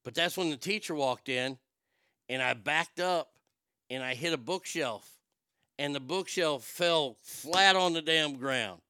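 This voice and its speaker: Crisp, bright-voiced man telling stories. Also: on the high side, no echo, clean studio sound. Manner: profane, wisecracking, mimics voices. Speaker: storyteller. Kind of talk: casual storytelling monologue.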